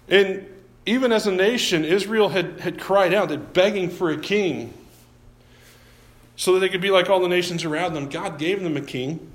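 A man's voice: high-pitched, reverberant. A man preaching a sermon as pastor, talking in a folksy, self-deprecating way and often repeating his words.

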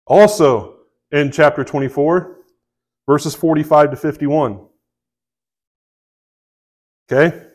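Speaking slowly with long pauses, a male pastor uses a fairly high, darkish voice on a low-quality recording. He preaches conversationally, often checking in with his listeners and reading scripture aloud with rising emphasis.

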